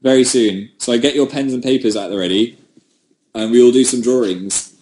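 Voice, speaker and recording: A man's voice: medium pitch, brisk, darkish tone. Chatty man livestreaming from home. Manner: chatty, rambling, self-deprecating. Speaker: livestream host. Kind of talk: casual livestream chat answering viewer comments.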